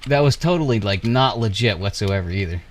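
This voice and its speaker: Young man, casual gameplay commentary, angry swearing rants, lowish voice, faint background noise. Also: expressive, a little fast. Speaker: flight sim streamer.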